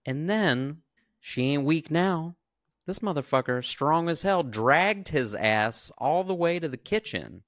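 A man's voice: a little high, slow pace, no room sound, studio quality. A man co-hosting a podcast, retelling a horror film scene by scene and acting out the characters' lines. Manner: animated storyteller, acts out the characters' lines. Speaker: podcast co-host. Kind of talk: casual chat, retelling a film.

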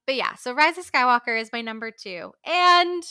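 A woman in her twenties hosting a casual solo podcast, gushing and animated, full of fillers and little laughs. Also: high-pitched, normal speed, clear, resonant tone, no room sound, clean studio sound. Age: 20s. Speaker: podcast host.

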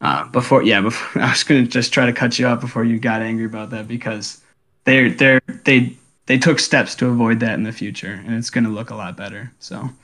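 A young man co-hosting a casual podcast chat, excitable and rambling, often restarting his sentences. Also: mid-range voice, brisk. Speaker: podcast co-host.

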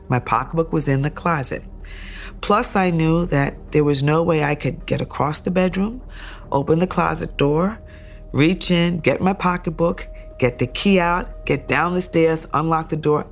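Woman telling her story on camera, gravelly creaky voice, steady and detailed, soft music under her. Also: sits low. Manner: steady, detailed retelling, acting out remembered thoughts and dialogue. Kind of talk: documentary testimony.

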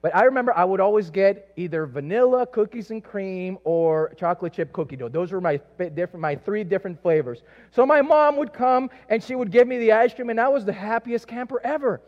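A man from South America preaches in a loose, storytelling style, full of asides and fillers. His voice sits high, and the recording is muffled and lo-fi. A long echo hangs in the hall around him. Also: brisk, hardly any pauses. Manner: conversational and animated, many asides and fillers. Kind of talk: sermon with personal storytelling. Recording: echoey hall, dull lo-fi sound.

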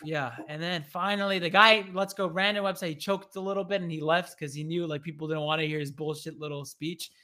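A man's voice: on the high side, fairly quick, hardly any pauses. A man hosting a podcast, telling a rambling comic story with swearing, recorded remotely through an online studio. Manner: rambling, animated, swears freely. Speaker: podcast host. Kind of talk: casual comedic storytelling.

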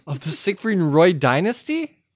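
A man co-hosting a casual movie review podcast, cracking dry, deadpan jokes. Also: on the high side, normal speed, no echo. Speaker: podcast co-host.

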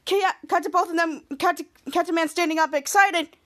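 A woman hosting a podcast, casually recapping a TV episode in a halting way, often restarting and repeating words. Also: very high-pitched, fairly even intonation. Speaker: podcast host.

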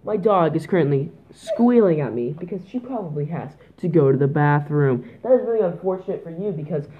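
A teenage girl from Canada hosts her own podcast alone, rambling and joking in a goofy, mock-dramatic way. Her voice sits low for a girl. The sound is thin and tinny, like a phone line. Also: expressive, brisk, a little hiss or hum. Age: teens. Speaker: podcast host. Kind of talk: solo podcast chat. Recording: tinny phone-like home mic.

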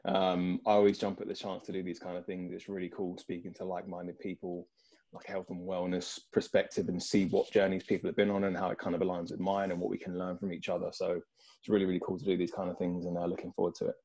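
A man's voice: low-pitched, flat delivery, fast talker, mellow. A man with a London accent, a guest speaking earnestly and thoughtfully in a casual video-call conversation. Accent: London English. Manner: reflective, earnest, thinks aloud.

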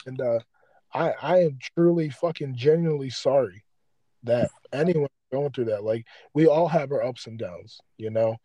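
A man's voice: medium pitch, moderate pace, warm tone, dry recording, lo-fi sound. A man hosting a podcast, ranting with heavy profanity and raw emotion in a rambling, casual way. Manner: impassioned, heavily profane, rambling. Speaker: podcast host.

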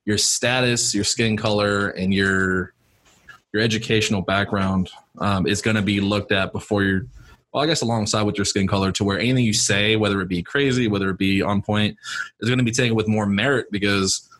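A man's voice: on the low side, fairly even intonation, brisk, fairly bright tone, dry recording. A man co-hosting a podcast, talking things through in a thoughtful, hedging way with restarts. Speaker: podcast co-host. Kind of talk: casual discussion.

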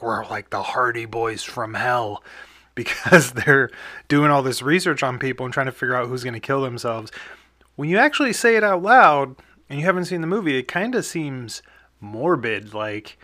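A man's voice: medium pitch, sharp tone, no echo. A young man hosting a casual podcast, rambling through a movie review with lots of fillers and small chuckles.

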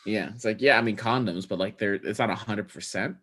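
A man's voice: on the low side, fairly quick, a bit bright, slightly rough. A man co-hosting a podcast, recapping a movie in rambling, profane casual chat full of fillers and restarts. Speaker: podcast co-host.

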